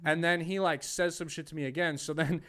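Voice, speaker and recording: A man's voice: on the high side, fairly quick. Profane young man telling a story. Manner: animated, profane, acts out quotes. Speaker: podcast host. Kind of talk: casual storytelling chat.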